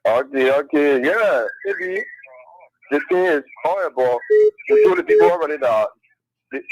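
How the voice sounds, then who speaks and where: A man with a Liberian accent calling a radio show by phone, giving his opinion haltingly and repeating his words. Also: a little high, huge pitch swings, gravelly, slight background noise. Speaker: caller. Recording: tinny phone line.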